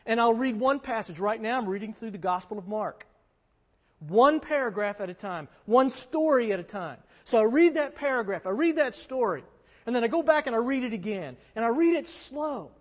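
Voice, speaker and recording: A man's voice: very high-pitched, lively intonation, normal speed. A man preaching as a pastor, earnest and conversational, driving points home with emphatic repetition. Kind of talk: sermon. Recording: long hall reverb.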